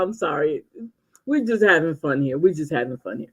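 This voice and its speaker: A woman in her sixties chatting and laughing on a casual livestream, telling stories with drawn-out exclamations. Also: low-pitched, animated, husky, poor audio. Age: 60s. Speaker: livestream host.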